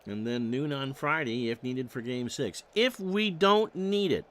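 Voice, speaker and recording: A man's voice: medium pitch, animated, measured pace, fairly bright tone. A man calling baseball play-by-play, reading off stats with wry joking asides. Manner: stat-heavy calls with wry joking asides. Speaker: play-by-play announcer.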